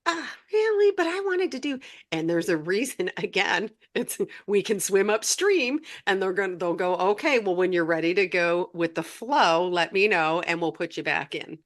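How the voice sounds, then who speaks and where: A woman's voice: lowish voice, moderate pace, few pauses. A woman co-hosting a spiritual podcast, chatting casually and animatedly about her experiences. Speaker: podcast co-host.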